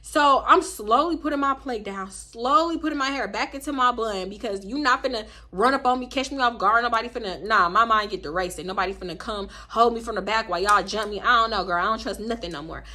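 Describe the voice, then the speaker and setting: A young woman from Houston, Texas, telling a casual storytime vlog in slangy, animated talk, often voicing other people in quotes. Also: a little high, fairly quick, hardly any pauses. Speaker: storytime vlogger.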